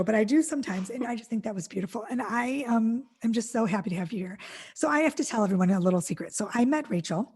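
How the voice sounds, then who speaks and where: A woman's voice: a little high, expressive, darkish tone, slightly rough. Gushing, effusive woman podcast host. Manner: gushing, effusive, fast restarts. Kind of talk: casual interview chat.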